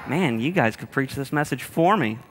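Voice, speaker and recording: A man's voice: medium pitch, lively intonation, moderate pace, husky, in a large hall. A man preaching a sermon as a pastor, talking in a humorous, conversational way straight to his congregation. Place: church auditorium with a congregation.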